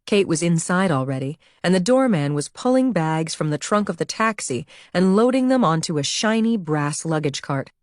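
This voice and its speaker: A woman narrating an audiobook with even, measured storytelling. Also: lowish voice, no room sound, clean studio sound. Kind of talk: scripted narration.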